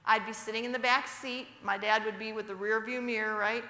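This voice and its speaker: A woman's voice: fairly high pitch, little pitch movement, fairly quick, sharp tone. A woman giving a sermon in a church, often asking the audience questions, in an echoey church hall. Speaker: church speaker.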